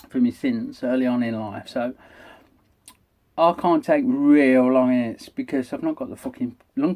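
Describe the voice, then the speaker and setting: A middle-aged British man hosts a casual review vlog. He talks in a chatty, enthusiastic way and swears freely as he goes. His voice sits at an ordinary middle pitch. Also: mellow. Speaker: vape reviewer.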